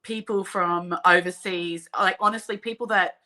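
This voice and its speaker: An Australian woman hosting a casual chat, talking in an animated way and often trailing off mid-sentence. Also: mid-range voice, moderate pace. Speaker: host.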